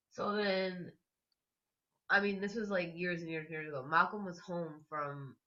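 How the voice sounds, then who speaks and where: A woman co-hosting a casual chat who tells anecdotes wryly, laughs often and drops quiet for asides. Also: sits low, dull audio. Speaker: podcast co-host.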